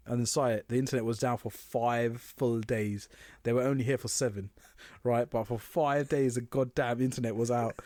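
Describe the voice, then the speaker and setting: Male co-host, mid pitch, dry close mic, sweary storyteller with animated quotes. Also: fairly quick, dry recording. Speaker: podcast co-host. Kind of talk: casual chat.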